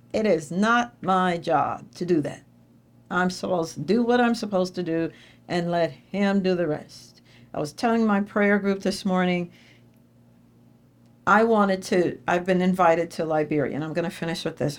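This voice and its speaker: A middle-aged woman giving an inspirational faith talk to a live audience, telling stories with animated, emphatic repetition. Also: on the low side, moderate pace. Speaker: speaker addressing an audience.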